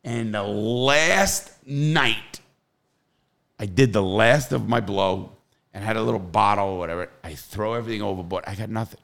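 A middle-aged man telling profane, animated stories in casual podcast chat, with loud bursts. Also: fairly low pitch, moderate pace, vocal fry.

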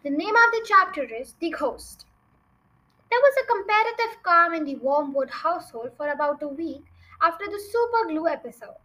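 A woman's voice: very high-pitched, expressive, normal speed, pushed and bright, poor audio. A young woman reading a children's novel aloud as a storyteller, with chatty asides to her listeners.

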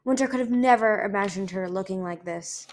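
A woman hosting her own podcast, chatting in a rambling, casual way full of fillers and then reading a book chapter aloud. Her voice sits at a middle pitch. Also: fairly quick.

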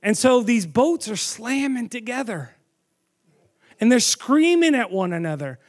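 A man preaching a sermon, telling the story with animated storytelling and asking the audience questions. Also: very high voice, a little slow.

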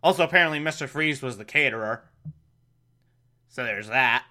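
A man's voice: mid-range voice, normal speed, sharp tone. A man giving a sarcastic, incredulous recap of an episode, mocking the plot and swearing. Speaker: comedic recapper.

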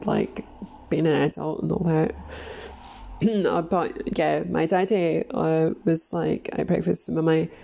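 Woman, gravelly voice, lowish pitch, casual rambling storytelling, lots of fillers and laughter. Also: warm tone. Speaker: podcast host.

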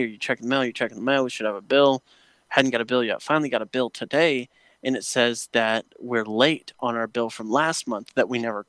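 A man talks through an annoyed, profanity-laden story in a relaxed chat at home. His voice sits at a middle pitch and is recorded dry and close, with no room sound. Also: no echo. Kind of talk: casual chat. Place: home patio.

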